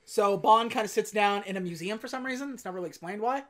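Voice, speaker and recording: A woman's voice: medium pitch, quick pace. Casual profane woman recapping a film. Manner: profane, deadpan, drops into quoted voices. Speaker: podcast co-host recapping a film.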